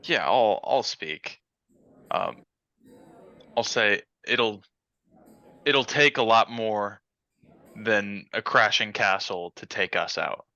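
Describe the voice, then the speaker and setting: A man's voice: lowish voice, slow, long pauses, sharp tone. A man playing a tabletop game, talking in an easygoing, plain way. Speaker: player. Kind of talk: casual tabletop play. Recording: dull lo-fi mic.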